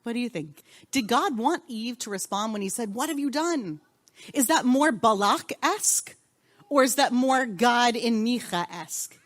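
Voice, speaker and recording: A woman rabbi and cantor teaching an interactive Torah class in a synagogue, calling on students and asking the group questions. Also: fairly high pitch.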